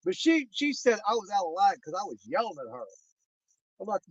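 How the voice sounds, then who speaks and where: A man telling animated, indignant stories in casual chat. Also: high voice, brisk, no echo. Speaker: angler co-host. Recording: dull lo-fi recording.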